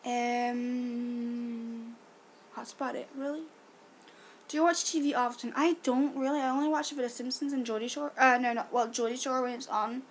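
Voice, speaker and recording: A young woman with a fairly high voice, chatting through a casual question-and-answer vlog. She is self-deprecating and easygoing, recorded at home on a camera mic with a faint hum of ambience behind her. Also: level tone, moderate pace. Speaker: vlogger.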